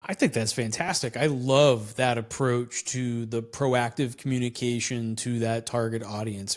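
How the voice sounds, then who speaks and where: A man hosting a podcast interview, affirming his guest and asking long reflective questions. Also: mid-range voice. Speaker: podcast host.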